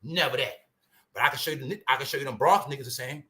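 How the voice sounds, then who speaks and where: A man's voice: medium pitch, quick pace, bright, forceful tone. A man with a New York accent ranting in a profane, emphatic solo commentary, answering his own points with "that's right.". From Brooklyn, New York. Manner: profane, emphatic, repetitive call-and-response. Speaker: YouTube commentator.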